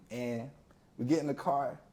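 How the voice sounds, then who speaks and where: A man with a mellow, dark-toned voice tells a personal story as a podcast guest. He talks casually and loosely. He slips into the voices of the people in his story as he goes. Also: medium pitch, slow. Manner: relaxed, conversational, acts out both sides of a talk.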